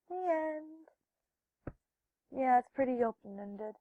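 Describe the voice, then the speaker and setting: A young woman telling a personal story to camera in a notably high voice. She acts out the quoted people with loud, high bursts and drops soft and low when she turns wistful. The sound is dry and close. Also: moderate pace, dry recording, dull audio. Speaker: vlogger.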